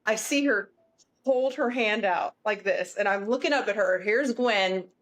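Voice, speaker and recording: A woman singer, a guest on a podcast, excitedly retelling a story with lots of restarts. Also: medium pitch, measured pace. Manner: animated, breathless retelling with frequent "like" and restarts. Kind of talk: excited storytelling in casual chat.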